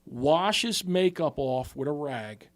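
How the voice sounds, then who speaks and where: A man's voice: fairly high pitch, animated, slow pace, no echo. A man co-hosting a podcast, telling long rambling stories in casual chat and swearing freely. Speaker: podcast co-host.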